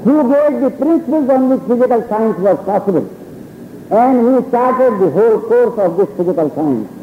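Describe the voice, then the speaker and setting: A man giving a public religious lecture to an audience, telling a story in a deliberate, paused way. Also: very high voice, lively intonation, a little hiss or hum. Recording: tinny, echoey lo-fi hall recording.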